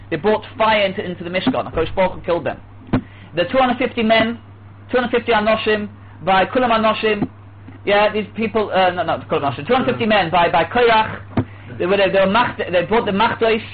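Man, Torah class lecture, animated, high voice, faint hiss. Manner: animated, acts out voices, restarts often. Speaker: Torah teacher. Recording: tinny phone-like line with faint hiss.

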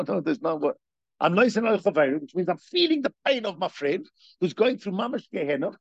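Male teacher, fervent questioning delivery, swooping high voice, dry muffled recording. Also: no echo. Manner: animated, rhetorical questions, repeats himself. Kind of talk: spoken Torah lecture.

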